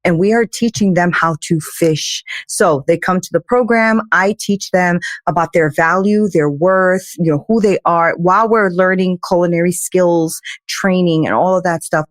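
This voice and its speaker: A woman's voice: lowish voice, normal speed, hardly any pauses, dry recording, studio quality. A woman guest on a podcast, a life coach, telling stories with emphatic, faith-filled energy. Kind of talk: casual podcast interview.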